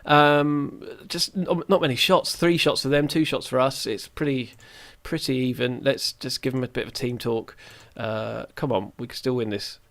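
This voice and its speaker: A man's voice: mid-range voice, steady tone, moderate pace, few pauses, a bit bright. A man giving casual, rambling let's-play commentary, reacting aloud and poking fun at himself. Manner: chatty and rambling, self-mocking, reacts aloud to the match. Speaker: gaming YouTuber.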